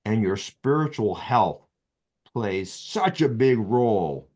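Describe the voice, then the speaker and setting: A man's voice: on the low side, lively intonation, slow pace, darkish tone. A man with a Boston accent talking casually on a podcast, rambling with frequent restarts and "you know" as he explains medical ideas. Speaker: physician guest.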